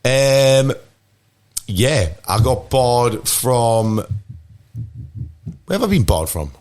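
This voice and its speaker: A man's voice: mid-range voice, very animated, drawn-out words, darkish tone. A man in his thirties with a Geordie accent, rambling through funny stories as a podcast guest and laughing often. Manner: rambling, laughing, lots of "like" and "mate". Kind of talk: casual storytelling. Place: podcast studio. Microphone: studio microphone.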